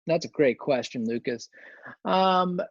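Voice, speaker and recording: A man hosting a livestream Q&A, answering questions with deadpan absurd humor. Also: fairly high pitch, unhurried, no room sound, dull audio. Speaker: host. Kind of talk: livestream Q&A chat.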